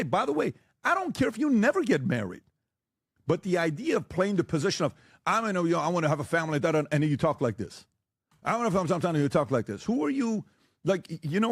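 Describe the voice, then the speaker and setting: A man debating on a talk show, who lectures forcefully and keeps firing rhetorical questions and blunt warnings. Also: on the high side, dry recording, studio quality. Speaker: podcast guest debating the host. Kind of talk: heated debate.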